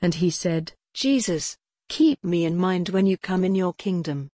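A woman reads a Bible passage in a steady, measured delivery. Her voice sits a little low, with a mellow, slightly breathy tone. The sound is dry and close. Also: no echo. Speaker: scripture reader. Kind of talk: scripted Bible reading.

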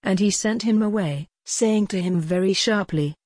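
Woman, scripture reader, measured steady delivery, breathy, dry close recording. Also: mid-range voice, no echo. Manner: steady, even-paced reading with deliberate pauses. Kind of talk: measured Bible reading.

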